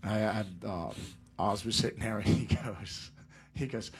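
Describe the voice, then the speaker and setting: A middle-aged man, a musician, telling rambling anecdotes in a casual interview, laughing often and slipping into quick impressions. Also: on the low side, fairly even intonation, slightly rough. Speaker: guest musician.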